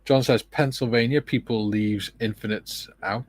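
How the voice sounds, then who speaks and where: A man with a British accent hosting a relaxed livestream, reading viewer comments aloud and chatting casually with joking asides. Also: mid-range voice, normal speed. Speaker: livestream host.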